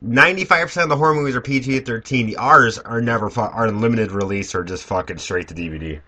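A man's voice: medium pitch, fast talker, sharp tone. A man co-hosting a podcast, chatting casually about horror movies with blunt opinions. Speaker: podcast co-host.

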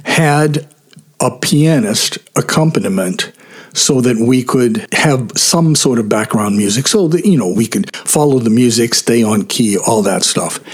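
An older man tells a true story in a relaxed, candid, conversational way, like a storytime vlog. His voice is husky and sits in a mid range. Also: mid-range voice.

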